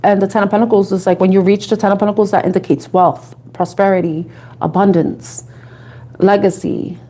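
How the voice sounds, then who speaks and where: A woman from the Bronx with a New York accent, chatting and thinking out loud as she gives a live tarot reading to viewers. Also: medium pitch, steady tone, fairly quick. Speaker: tarot reader.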